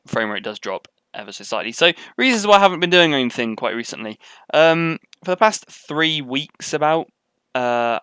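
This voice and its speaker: A man's voice: mid-range voice, bright, forceful tone, clear, resonant tone, no room sound. A young man giving live gameplay commentary in a rambling, chatty way, full of ums and tangents. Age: young adult. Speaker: gaming commentator. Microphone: webcam setup at desk.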